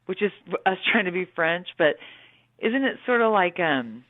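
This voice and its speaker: A woman's voice: fairly low pitch, big pitch swings, moderate pace, no echo. An American woman chats down a tinny, dry phone line in an interview. She laughs often and slips into voices to act out what others said. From United States. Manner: chatty, laughing, acts out quotes. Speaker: actress guest. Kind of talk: casual interview chat.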